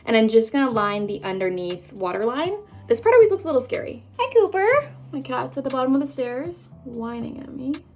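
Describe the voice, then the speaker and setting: A woman's voice: a little high, expressive, fairly quick, hardly any pauses, darkish tone, slight background noise. A woman in her twenties from Canada, chatting casually to viewers while doing her makeup, bubbly and full of rambling asides. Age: 20s. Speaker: beauty vlogger. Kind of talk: casual get-ready-with-me chat.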